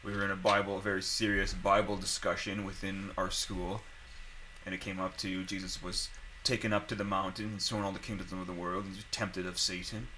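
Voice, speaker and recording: A young man with a bright, forceful voice, pitched a little low, tells a crude story in casual chat. He is animated and blunt. Faint ambient noise sits behind him. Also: brisk, rough recording.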